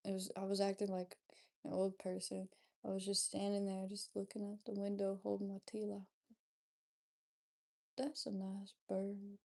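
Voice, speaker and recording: Gravelly young woman chatting on a stream. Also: mid-range voice, mellow. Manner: unhurried, drifting, chatty asides. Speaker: livestreamer. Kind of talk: casual livestream chat reading comments.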